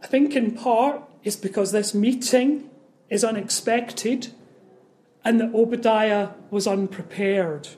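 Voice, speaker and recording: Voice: medium pitch, slow, a little mellow. A preacher giving a sermon on a Bible passage, earnest and prone to repeating words and asking the congregation rhetorical questions.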